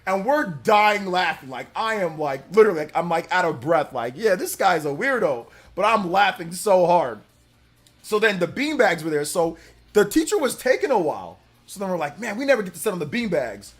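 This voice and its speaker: A man's voice: high voice, big pitch swings, moderate pace. A young man hosting a livestream, telling a rambling school story in casual chat and thanking viewers for donations. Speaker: livestream host.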